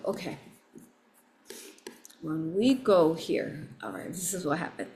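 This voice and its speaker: A woman hosting a livestream, telling a story in a casual, excitable way, with frequent exclamations and restarted sentences. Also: on the low side, takes it slowly, slight background noise. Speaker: livestream host.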